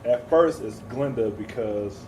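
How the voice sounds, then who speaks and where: A man's voice: medium pitch, unhurried. A young man co-hosting a podcast, chatting in a laid-back way and acting out quotes. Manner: laid-back, laughs often, acts out quotes. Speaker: podcast co-host. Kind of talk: casual chat. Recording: background noise.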